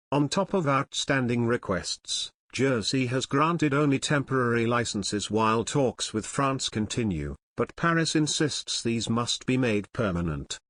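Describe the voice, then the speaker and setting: A man narrating a scripted news report, reading every quote in the same even delivery. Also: medium pitch, no echo, studio quality.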